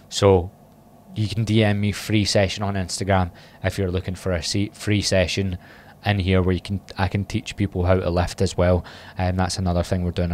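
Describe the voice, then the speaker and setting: Lowish-voiced Scottish man, candid podcast host. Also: a little mellow, slight background noise. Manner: candid, self-mocking and rambling. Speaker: podcast host and fitness coach. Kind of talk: casual solo podcast chat.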